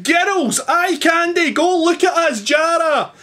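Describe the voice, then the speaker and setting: A man putting on a mock Australian accent, gushing loudly in a sing-song, high-pitched voice. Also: lively intonation, slow pace, heavily acted.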